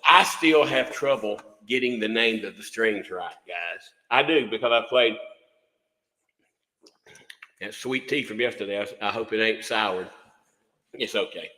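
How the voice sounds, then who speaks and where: A bright-voiced man, chatting casually on a livestream in a folksy, rambling way. He trips over and repeats his words as he talks. The recording has a lingering room reverb. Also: lowish voice, measured pace, pauses often. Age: 60s. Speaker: livestream host, music instructor.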